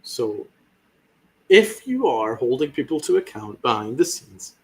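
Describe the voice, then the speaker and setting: A man's voice: mid-range voice, sing-song, a little slow, breathy edge. A man hosting a sports podcast, ranting with fiery sarcasm and heavy swearing. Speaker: podcast host.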